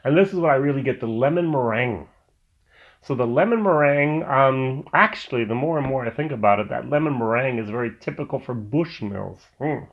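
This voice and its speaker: A man hosting a casual whiskey review vlog, rambling and pausing often with "um" and restarts. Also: mid-range voice. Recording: slightly dull lo-fi audio.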